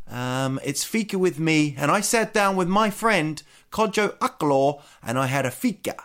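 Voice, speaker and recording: Male podcast host with a slightly high voice, loose and chatty. He talks in meandering runs full of ums and false starts, laughing often between thoughts. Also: lively intonation, moderate pace, hardly any pauses, a bit bright. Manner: rambling, full of ums and restarts, laughs easily. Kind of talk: casual chat.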